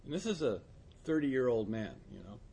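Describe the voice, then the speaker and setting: A man's voice: medium pitch, sing-song, normal speed, warm tone, breathy edge. A man acting as a recovery sponsor, telling a casual anecdote, laughing often and stumbling over repeated words.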